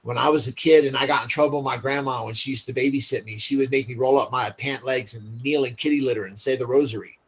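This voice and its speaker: A man's voice: medium pitch, steady tone, quick pace, hardly any pauses, husky. A man as a podcast guest, telling his story in a candid, blunt, profane way, full of "like" fillers.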